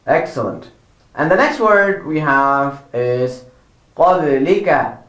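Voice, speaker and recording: A man teaching children Quran pronunciation, patiently repeating each word slowly and correcting mistakes. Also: fairly high pitch, expressive, fairly bright tone, roomy sound. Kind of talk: slow pronunciation lesson for children.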